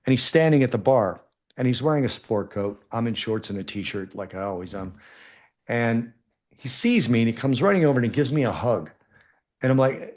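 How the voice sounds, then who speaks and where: A man spinning a lively anecdote in casual podcast talk, salty and animated, slipping into quoted voices as he goes. His voice sits at an ordinary middle pitch for a man. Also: moderate pace. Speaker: podcast guest. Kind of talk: casual storytelling.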